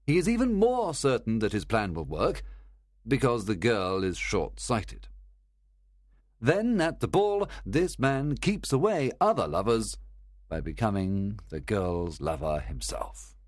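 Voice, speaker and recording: Brief: assured detective for an audiobook, measured, lively intonation, dry close sound, a man doing the voice. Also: lowish voice, no room sound, pitched above the performer's own voice. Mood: explaining. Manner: measured, quietly assured explaining. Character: calm, confident older male detective. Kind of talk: audiobook reading.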